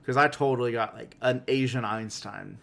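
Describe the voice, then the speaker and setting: Male podcast co-host, casual episode recap, mid-pitched, quotes characters in playful voices. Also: gravelly, fairly bright tone. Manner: laughing, acts out characters' lines in quick voices.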